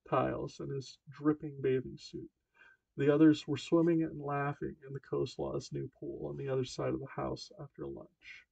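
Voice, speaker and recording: Gravelly man reading a novel aloud. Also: mid-range voice, a little mellow, no echo. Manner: stumbling reading with self-corrections. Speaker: amateur audiobook reader. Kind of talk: amateur audiobook narration. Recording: dull dry lo-fi home recording.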